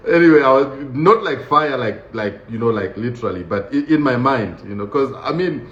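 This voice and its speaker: A man's voice: mid-range voice, normal speed. Laughing man telling a story, roomy dull sound. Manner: animated, laughing, acts out voices of others, many fillers. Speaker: vlogger recounting his prison experience. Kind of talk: casual storytelling monologue. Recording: dull, roomy recording with faint noise.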